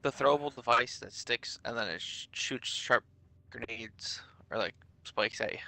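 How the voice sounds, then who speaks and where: A man's voice: medium pitch, normal speed, creaky, sharp tone. A man co-hosting a podcast, chatting casually in an easygoing way, agreeing and laughing along. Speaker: podcast co-host. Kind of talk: casual chat.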